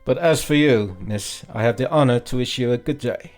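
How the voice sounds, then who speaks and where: A man's voice: medium pitch, normal speed, darkish tone, faint music behind, lightly acted. A man voicing a large, haughty English army captain, pompous and sarcastic. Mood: sneering.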